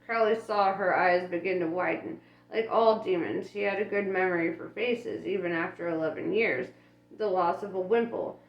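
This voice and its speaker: A woman narrating an audiobook casually, chatting and laughing at her own slips. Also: on the low side. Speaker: audiobook reader. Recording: roomy, dull home recording.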